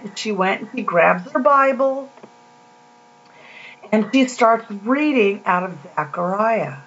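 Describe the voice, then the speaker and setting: A woman's voice: a little high, animated. A woman giving a casual, earnest devotional talk, telling stories in a rambling, heartfelt way. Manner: slow, earnest, rambling storytelling. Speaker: Christian video host. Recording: dull lo-fi home recording.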